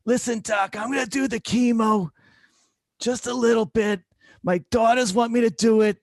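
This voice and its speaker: A woman's voice: a little high, fairly even intonation, normal speed, darkish tone, no room sound, studio quality, pitched above the performer's own voice. A man voicing a feisty woman in her eighties, a blunt former dancer and cancer patient. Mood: coaxing. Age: 80s. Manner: blunt, brassy, teasing.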